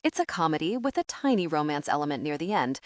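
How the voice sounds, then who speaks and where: A woman's voice: deep voice, very animated, fast talker, dry recording. A woman voicing a dry-humored young man who owns a theater, in an audiobook reading. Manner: dry, teasing.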